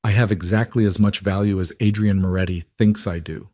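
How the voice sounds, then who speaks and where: A man voicing a calm, self-sacrificing young woman in a spoken story. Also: on the low side, brisk, no echo, close to an everyday voice. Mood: resolute. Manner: calm, steady. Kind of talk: audiobook storytelling.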